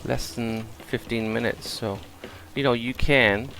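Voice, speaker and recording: A man's voice: medium pitch, fairly even intonation, unhurried, creaky, pushed and bright, rough recording. A man hosting a gaming video, chatting casually and thinking aloud as he plays. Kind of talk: relaxed gameplay commentary.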